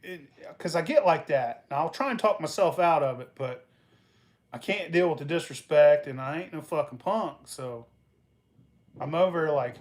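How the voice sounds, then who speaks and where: A man's voice: fairly high pitch, lively intonation, normal speed. A man hosting a casual show, telling rambling, profane stories about his past and laughing along as he goes. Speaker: host. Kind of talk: casual storytelling.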